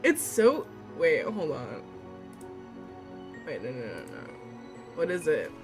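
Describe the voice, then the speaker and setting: A woman's voice: deep voice, wildly swooping pitch, slow. A young woman streaming a visual novel, reading its text aloud and gushing with giggly reactions. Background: faint game music.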